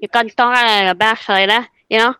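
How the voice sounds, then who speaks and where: A woman's voice: on the high side, steady tone, moderate pace, pushed and bright, smooth, dry recording, poor audio. A woman co-hosting a podcast, teasing and playful in casual chat. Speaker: podcast co-host.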